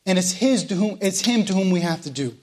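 A man's voice: sits high, expressive, fairly quick, a little mellow. A man teaching a Sunday school class, preaching with passion and stumbling over repeated words, then leading a prayer. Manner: impassioned, repeats words when stirred up.

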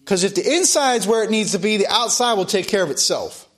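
A man's voice: high voice, expressive, brisk, fairly bright tone. A man preaching a sermon in an earnest, emphatic way, repeating phrases to drive points home. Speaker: pastor.

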